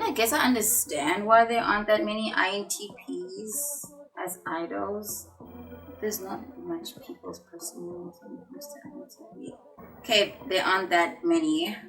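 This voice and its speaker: A young woman vlogging casually about her personality test results, playful and dramatic, with sudden loud bursts of excitement. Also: mid-range voice, normal speed, faint music behind, low-quality recording.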